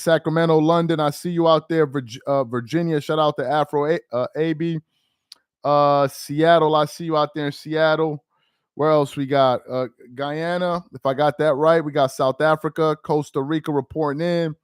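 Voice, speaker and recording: A man's voice: a little high, smooth, no echo. Male sports streamer, casual and down, repeats himself, resonant voice, dead-dry sound. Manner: dejected, repetitive, rambling. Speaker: sports livestream host. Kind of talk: casual live-stream chat.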